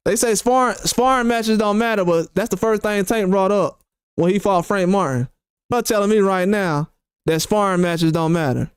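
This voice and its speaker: A man's voice: sits high, moderate pace, clean tone, dry recording, clean studio sound. A man hosting boxing commentary, talking heatedly and repeating rhetorical questions.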